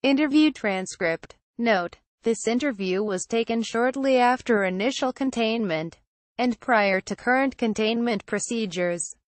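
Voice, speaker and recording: A woman narrating a horror story in a measured, clinical reading style. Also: a little high, no echo.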